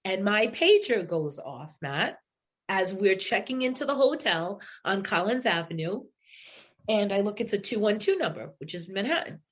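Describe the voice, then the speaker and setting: A woman's voice: mid-range voice, moderate pace. A middle-aged woman from New England, a singer telling stories in a casual interview. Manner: animated storyteller, acts out quotes. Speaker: singer and guest.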